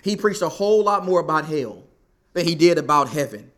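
A man with a high, light speaking voice delivers a sermon from the pulpit. He drives each point home emphatically, circling back to repeat it again and again. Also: animated, fairly quick, fairly bright tone. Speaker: pastor.

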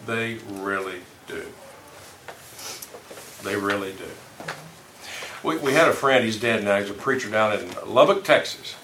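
A man's voice: fairly low pitch, measured pace, long pauses, fairly bright tone. Folksy man teaching a Bible class. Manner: conversational, folksy, with rhetorical questions. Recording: roomy distant room mic, faint noise.

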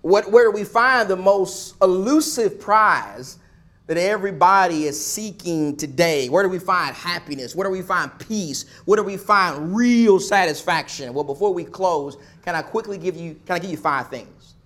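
A man delivers a sermon in a high, light voice. He stacks rhetorical questions and repeated phrases for emphasis. His volume swings between forceful pushes and quiet asides. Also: animated, normal speed. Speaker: preacher.

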